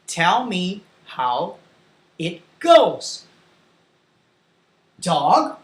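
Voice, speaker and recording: A woman teaching a demo English lesson for young children, singing slowly and giving simple classroom instructions. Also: lowish voice, very animated, fairly bright tone, echoey room.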